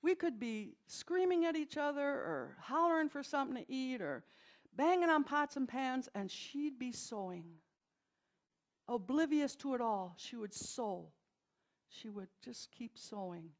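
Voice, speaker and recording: A woman's voice: sits high, very animated, a little slow. An older woman minister from Milwaukee giving a sermon in a folksy, storytelling way with wry humor, in a church. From Milwaukee, USA.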